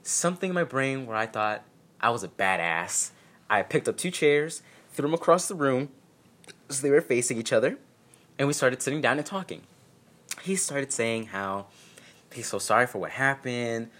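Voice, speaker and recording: Young man, bright tone, storytime vlog, blunt and self-deprecating. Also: medium pitch, expressive, normal speed. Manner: candid, profane, self-mocking humor. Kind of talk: casual storytime.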